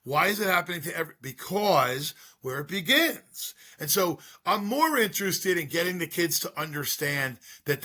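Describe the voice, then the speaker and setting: Earnest middle-aged guy, bright forceful voice, kinda high, fires off rhetorical questions. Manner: earnest, repetitive rhetorical questions, fast bursts. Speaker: guest, school drug-prevention speaker. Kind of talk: emotional interview storytelling.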